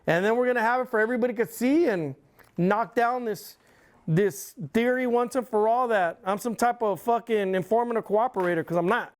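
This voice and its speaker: A middle-aged man talks bluntly in an interview, his speech heated and thick with profanity. He tells his story casually, defending himself point by point. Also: very high voice. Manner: blunt, heated, swears constantly. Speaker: interview guest, former club president.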